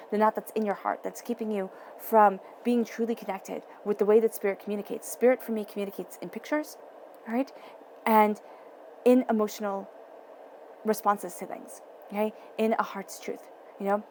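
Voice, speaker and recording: Brisk and fairly even in intonation, this medium-pitched woman has a darkish tone, and there's slight background noise. As a tarot reader talking to viewers, she presses her points and repeats the important phrases.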